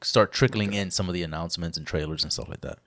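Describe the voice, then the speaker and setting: A man's voice: low-pitched, fast, a bit bright, no room sound. A man co-hosting a casual gaming podcast, laid-back and curious. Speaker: podcast co-host. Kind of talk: casual gaming news chat.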